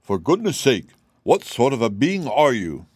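A man's voice: medium pitch, big pitch swings, a little slow, slightly rough, no echo, clean studio sound, voice pushed up. A man voicing a proud, vain old male cab horse who talks down with lofty pity. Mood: indignant. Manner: boastful, pitying, lofty.

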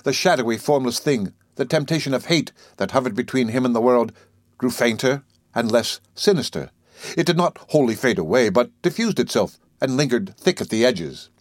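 A man's voice: mid-range voice, animated, moderate pace, dry recording. Man reading literary prose, dry sound. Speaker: audiobook reader. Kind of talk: scripted narration of literary prose.

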